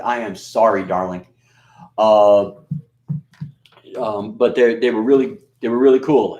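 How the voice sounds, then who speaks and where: A man's voice: mid-range voice, moderate pace, darkish tone. A man from New York with a scratchy, rustic voice and a mixed Queens and Bronx accent, rambling through a profane, casual monologue full of fillers and restarts. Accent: New York mix of Queens and Bronx. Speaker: radio and video host. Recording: roomy echo.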